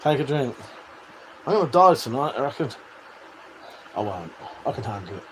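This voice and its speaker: A British man from the UK hosts a livestream, reading viewer comments and chatting casually, swearing freely and laughing often. His voice is mid-range and very animated, at a normal speed, with a faint fan humming behind him.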